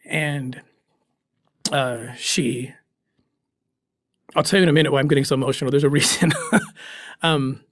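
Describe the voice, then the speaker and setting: A middle-aged man recounting a personal story in conversation, earnest and halting, restarting his sentences when moved. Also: medium pitch, steady tone, fairly bright tone, no echo, studio quality. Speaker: guest recounting undercover work.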